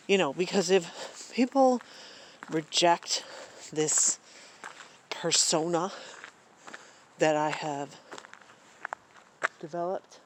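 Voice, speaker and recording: A woman's voice: fairly low pitch, unhurried, pauses often, a little hiss or hum. A middle-aged woman from Maine, talking outdoors in the woods in a reflective, hesitant monologue full of ums and restarts. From Maine, USA. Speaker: vlogger.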